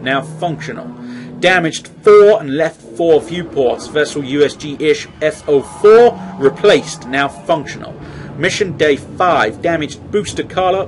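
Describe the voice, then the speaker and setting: Chatty gamer, fairly high voice. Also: male voice, slight background noise. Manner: jokey, chatty, mildly sweary. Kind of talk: let's play commentary.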